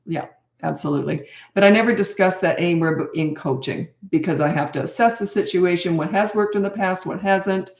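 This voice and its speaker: A woman's voice: fairly low pitch, fairly quick, a little mellow, reverberant. A woman in her sixties, a parenting coach, answering viewer questions in a candid, chatty live Q&A. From Canada. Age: 60s. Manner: candid, chatty, self-deprecating. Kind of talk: live Q&A chat.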